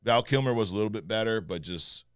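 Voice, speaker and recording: Deep-voiced man in casual chat. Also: fast talker, clear, resonant tone, no room sound, studio quality. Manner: animated, joking, mimics voices. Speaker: podcast co-host.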